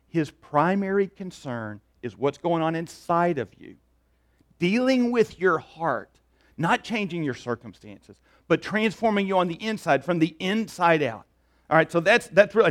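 A man preaching a conversational sermon as a pastor, often repeating words as he goes. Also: high voice.

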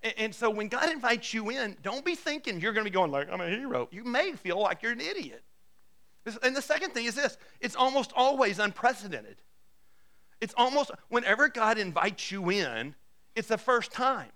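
A man preaching a sermon as pastor, telling stories in a conversational, animated way with frequent restarts. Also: very high voice, moderate pace.

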